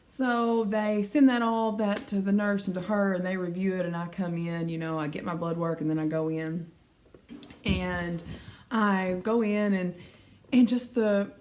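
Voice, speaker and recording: A woman's voice: on the low side, darkish tone. A woman in her thirties, talking casually in a vlog, retelling conversations with frustration and acting out both sides. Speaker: weight-loss vlogger.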